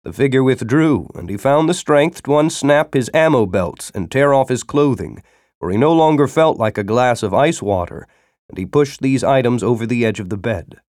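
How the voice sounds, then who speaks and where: A man narrating a story in a dramatic reading style, breaking into urgent, shouted dialogue. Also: medium pitch, animated, normal speed, no room sound, studio quality. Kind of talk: audiobook narration.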